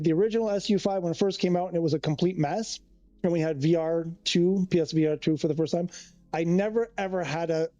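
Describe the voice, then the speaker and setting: A man's voice: on the high side, mellow, dry recording. Rambling man chatting on a stream. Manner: rambling, restarts sentences, reads chat aloud. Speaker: livestreamer. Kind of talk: casual live-stream chat.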